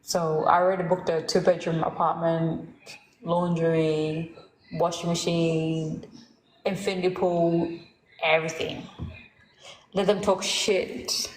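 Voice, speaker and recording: Woman host, lively self-mocking storyteller, roomy echo. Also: on the low side, takes it slowly. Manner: animated, laughs at herself, acts out quoted voices. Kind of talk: casual storytelling chat.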